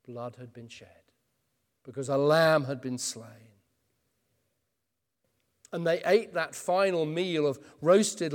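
Earnest male preacher in a reverberant hall. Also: on the high side. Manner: earnest expository preaching, varied emphasis. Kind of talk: sermon. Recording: long reverb in a church hall.

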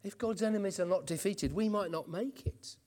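A man's voice: high-pitched, fairly quick, a little mellow. A man preaching an earnest expository sermon. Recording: long reverb in a church hall.

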